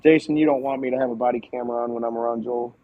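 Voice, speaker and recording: A man guest on a podcast, casually telling animated stories and quoting others, with many fillers and restarts. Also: mid-range voice, rapid-fire, phone-quality sound. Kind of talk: casual storytelling.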